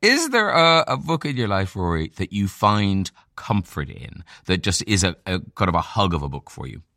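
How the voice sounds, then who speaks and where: Guy host asking playful chatty questions, bouncy intonation, deepish voice. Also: sing-song, normal speed, sharp tone, no room sound, studio quality. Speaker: podcast host. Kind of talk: interview questions.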